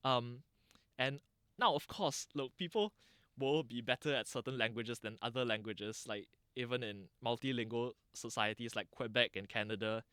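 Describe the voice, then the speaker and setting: A Singaporean man gives long, thoughtful interview answers in a mild lecturing tone. He restarts phrases and fills pauses as he explains. The recording is dry and close. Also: medium pitch, bright, forceful tone, smooth, no echo. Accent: Singaporean English. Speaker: interviewee, dialect channel founder.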